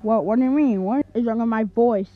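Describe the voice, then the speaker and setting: A woman plays a dim-witted male goblin villain who stammers and whines through every answer, in a fan cartoon. The voice sits a little high and comes through a thin, phone-like recording. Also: brisk, no room sound, natural voice. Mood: hesitant. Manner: hesitant, stammering, whiny. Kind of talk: fan animation voice acting. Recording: tinny lo-fi home recording.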